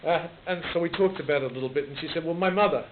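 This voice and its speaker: A man's voice: fairly high pitch, very fast. An Australian author in his sixties reflecting on his writing in a conversational interview, with many restarts and repeated words. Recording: muffled phone-like recording with noise.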